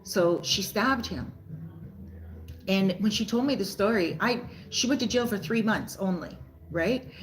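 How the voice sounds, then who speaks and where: A woman's voice: mid-range voice, a little slow, slight background noise, rough recording. A woman vlogger and soul coach telling a story to camera in a casual, rambling way, often tagging her sentences with "right?" and "you know". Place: lives in a Caribbean beach town.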